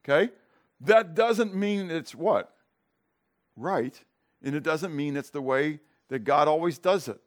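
In a slow, higher-pitched voice, a man leads a casual Bible class, acting out scenes for his students and asking them questions, with frequent "okay?" and "right?" check-ins.

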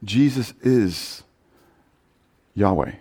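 A man's voice: lowish voice, expressive, very slow, mellow, husky. A man preaching a sermon, reading scripture aloud and often asking the congregation questions. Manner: reads scripture aloud with rising emphasis. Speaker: pastor.

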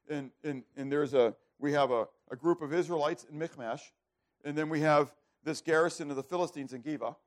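A man preaching a sermon who keeps asking the listeners questions and answering them himself, often repeating words as he starts over. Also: fairly high pitch. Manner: animated, asks rhetorical questions and answers them. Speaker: preacher teaching a Bible passage.

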